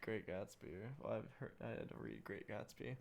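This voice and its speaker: A man's voice: on the low side, sing-song, moderate pace, vocal fry. A young man co-hosting a casual podcast chat, laid-back and tired, swearing freely and calling people bro. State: tired, yawning. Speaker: podcast co-host.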